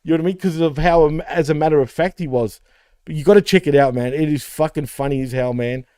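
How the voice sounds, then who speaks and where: A man's voice: fairly high pitch, fast, warm tone, clean tone, no echo, clean studio sound. A man co-hosting a wrestling podcast in casual chat, laughing often and swearing freely. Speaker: podcast co-host.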